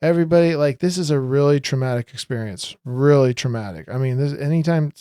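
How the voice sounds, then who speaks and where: A man's voice: medium pitch, brisk, smooth, no echo. Emphatic man ranting in a dry close-up. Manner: emphatic, rambling, rises to loud bursts. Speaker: video commentator. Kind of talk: casual commentary vlog.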